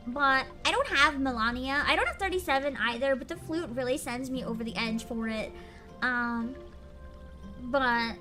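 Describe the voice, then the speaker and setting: High, lively woman streamer over game music. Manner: chatty and expressive, laughing often between remarks. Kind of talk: casual gaming livestream chat. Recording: game music playing loudly behind.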